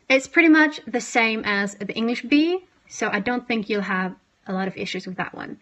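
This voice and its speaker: A young woman giving a casual, self-deprecating pronunciation lesson, slowing down to demonstrate sounds. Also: mid-range voice, lively intonation, a bit bright. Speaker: language teacher.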